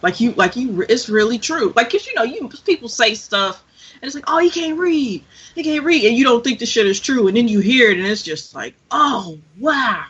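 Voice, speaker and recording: Bright, husky woman on a dull lo-fi podcast mic. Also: a little high. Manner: expressive, quick to laugh. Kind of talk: casual chat. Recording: dull lo-fi sound.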